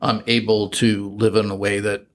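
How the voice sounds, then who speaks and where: A man's voice: lowish voice, little pitch movement, normal speed, fairly bright tone. Man, American accent, middle-aged, interview guest, reflective, rambling. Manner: reflective, rambling with frequent fillers and restarts. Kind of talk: casual interview chat.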